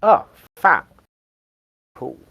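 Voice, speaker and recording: A man's voice: extremely slow, lo-fi sound. A man playing a tabletop game, casual and joking, swearing freely. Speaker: player.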